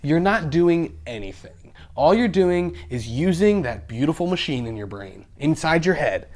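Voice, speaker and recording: A young man talking as a podcast guest in casual chat, excitable and animated, swearing freely and laughing often. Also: fairly high pitch, moderate pace.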